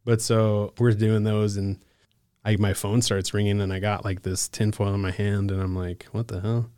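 A man from Alaska, a case manager, telling his recovery story in a relaxed, casual way, full of "like" and "bro" and quick laughs. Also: lowish voice, smooth, no echo, studio quality. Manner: laid-back, lots of "like" and "bro", laughs often. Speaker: podcast guest, case manager.

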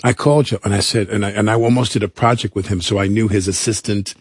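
A man with a husky, low voice talks about acting as a guest on an interview show. He speaks animatedly, doubles back on his words and slips into voices. The sound is dry and close. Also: fast, no room sound. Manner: animated, repeats himself, acts out voices. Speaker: guest actor. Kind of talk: casual interview talk.

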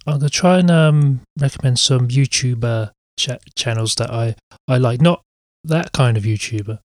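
A sleepy, yawning man co-hosting a podcast, talking in halting, trailing sentences. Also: mid-range voice, dry recording, studio quality. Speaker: podcast co-host. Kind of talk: casual chat.

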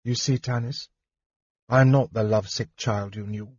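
A proud young warrior woman read by a man in a fantasy audiobook speaks firmly and defiantly. The voice is husky and unhurried. The recording is dry and slightly dull. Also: mid-range voice, darkish tone, dry recording.

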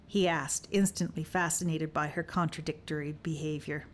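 A woman narrating an audiobook in a measured, expressive reading. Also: deep voice.

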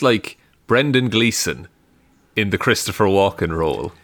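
A man's voice: sits low, sing-song, normal speed, fairly bright tone. An Irish man co-hosting a casual movie podcast, wry and jokey, breaking into laughter. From Ireland. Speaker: podcast co-host. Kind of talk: casual chat.

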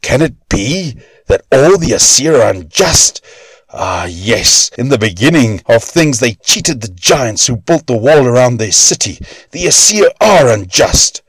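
A man voicing an enraged, greedy male dwarf who shouts about his stolen treasure. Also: very animated, unhurried, breathy edge, no room sound, poor audio. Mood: furious. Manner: shrill shouting outrage.

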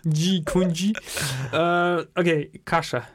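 A man's voice: high-pitched, steady tone, slow pace, no room sound. Russian-accented man, chatty podcast co-host. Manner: non-native phrasing, laughs often. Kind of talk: casual podcast chat.

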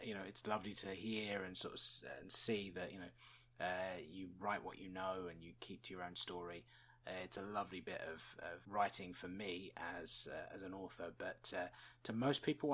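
Low, husky-voiced man commentating casually. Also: fairly bright tone. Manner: chatty, musing, many fillers and asides; chuckles often. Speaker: podcast host reviewing a TV episode.

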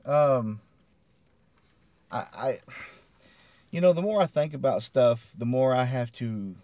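A man's voice: mid-range voice, slow, mellow, no room sound. Easygoing guy on a podcast, agrees a lot, mid voice, dry close mic. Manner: agreeable, laid-back, chuckling. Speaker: podcast co-host. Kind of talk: casual wrestling review chat.

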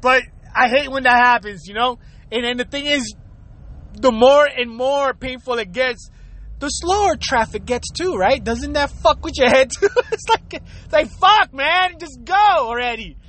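This man's voice is very high-pitched and a bit bright, moving at a measured pace. He's the host of his own show, ranting comedically from his car in traffic, with frequent swearing, laughs and rhetorical questions.

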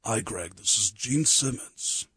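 A man doing an impression of a famous rock star, speaking low, slow and self-important. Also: gravelly, bright, forceful tone, husky, no echo, studio quality, full character voice. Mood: smug, friendly.

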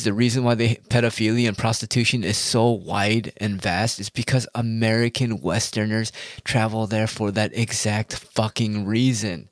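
A man's voice: lowish voice, fairly even intonation, moderate pace, no echo, clean studio sound. A man talking straight to his audience in a rambling, heated monologue, full of swearing. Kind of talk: casual ranting monologue.

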